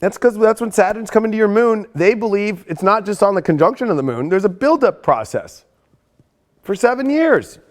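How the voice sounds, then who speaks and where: A man hosting a weekly astrology forecast in a casual, excitable and profane way, swinging between hyped outbursts and hushed earnest stretches. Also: high-pitched, moderate pace. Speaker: astrology show host.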